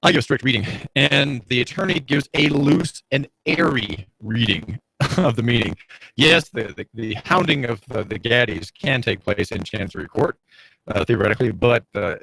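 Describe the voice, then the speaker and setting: A man with a Southern US accent hosts a radio talk show from a small studio, streamed on video through a studio mic. His medium-pitched voice is pushed and bright with vocal fry, at normal speed, dry with no echo, though the recording quality is low. He delivers a sardonic, rambling monologue full of fillers and restarts.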